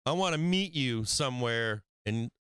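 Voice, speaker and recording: A man's voice: medium pitch, animated, moderate pace, fairly bright tone, smooth, dry recording. Profane, rambling stream host man. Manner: profane, rambling, laughs often. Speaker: stock trading livestream host. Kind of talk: casual livestream chat.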